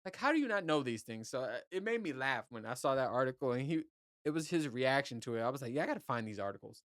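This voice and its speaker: A man's voice: medium pitch, animated, fast, a bit bright, dry recording, studio quality. A man hosting his own podcast, talking in a loose, rambling and profane way. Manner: rambling, profane, laid-back. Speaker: podcast host. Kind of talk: casual solo podcast monologue.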